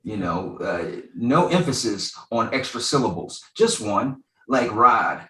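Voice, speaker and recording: Deadpan male podcast co-host, roomy echo. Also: lowish voice, a little slow, far from the mic. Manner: dry, deadpan quips. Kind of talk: casual recap of a TV episode. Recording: echoey room, set back from mic.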